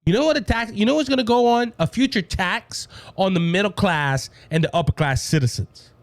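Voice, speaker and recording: A man with a Cajun accent hosting a political commentary show, fired up and preachy, addressing listeners as ladies and gentlemen. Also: high-pitched, brisk, dry recording. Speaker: talk show host.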